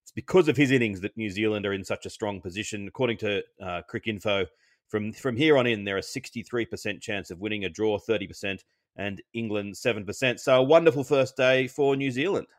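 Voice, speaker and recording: A man's voice: lowish voice, fairly quick, no echo, clean studio sound. A man co-hosting a podcast, giving a chatty cricket analysis broken up by frequent ums and restarts. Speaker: co-host.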